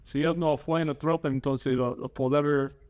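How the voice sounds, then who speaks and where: A man's voice: fairly high pitch, fairly even intonation, fairly quick, darkish tone, smooth. A man hosting a podcast, talking earnestly and with strong opinions in casual political chat. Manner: earnest and opinionated, switches into Spanish to interview. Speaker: podcast host.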